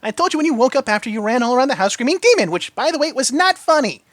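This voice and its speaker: A man voicing a tiny, hyperactive female pony in a storybook reading, with a squeaky, sing-song, bouncy delivery. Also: lively intonation, very fast, fairly bright tone, no echo. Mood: indignant.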